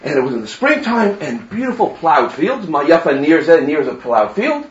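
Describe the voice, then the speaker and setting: A man giving a religious lecture full of anecdotes, animated and often stammering on restarts. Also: on the high side, normal speed. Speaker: Torah teacher. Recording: roomy, distant, dull lo-fi.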